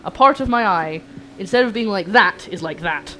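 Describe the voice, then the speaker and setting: A woman's voice: mid-range voice, normal speed, faint music behind, low-quality recording. Young woman livestreaming from her kitchen, chatty and hyper, middle voice, bit flustered. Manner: excitable, flustered, chatty with chat. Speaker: streamer. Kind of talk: casual cooking livestream chat.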